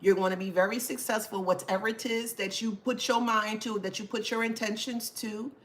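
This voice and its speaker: A woman's voice: medium pitch, steady tone, brisk. A woman hosting a casual talk to camera, sassy, laughing often and swearing freely. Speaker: channel host.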